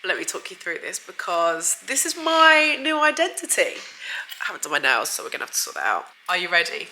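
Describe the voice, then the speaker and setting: A woman talks straight to camera from her home in a casual, effusive vlog style, dropping in lots of "like" and "guys". Her voice is bright and forward, and it sounds a little stuffy, as if she has a cold coming on. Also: fairly low pitch, wildly swooping pitch, a little fast, slight background noise, poor audio. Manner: chatty and effusive, frequent "like" and "guys". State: slightly stuffy, bunged up. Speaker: beauty vlogger. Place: at home, indoors.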